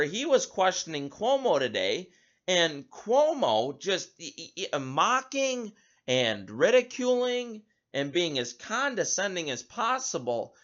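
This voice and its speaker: Animated male talk show host. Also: a little high, highs cut off. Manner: animated, emphatic, repeats words when starting sentences. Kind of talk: opinion talk monologue.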